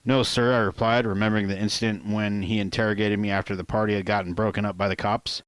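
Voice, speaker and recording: A man with a low voice reads his own novel in first person. He keeps a plain, unhurried pace and now and then speaks straight to the listener. The recording is dry and close, with no room echo. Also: flat delivery, smooth. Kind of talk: first-person audiobook narration.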